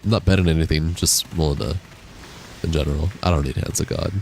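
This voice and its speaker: A man's voice: a bass voice, fairly even intonation, fast talker, darkish tone, slight background noise. A man live-streaming a game, chatting casually and answering his viewers in a laid-back way. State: has the hiccups. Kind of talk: casual live-stream chat while gaming. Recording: game music clearly behind the voice. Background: game music.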